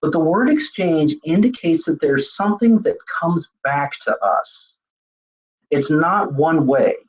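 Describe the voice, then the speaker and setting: Husky man giving a webinar. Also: fairly high pitch. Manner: conversational, repeats words while thinking. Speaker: webinar presenter. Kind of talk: webinar lecture. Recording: dull lo-fi web seminar audio.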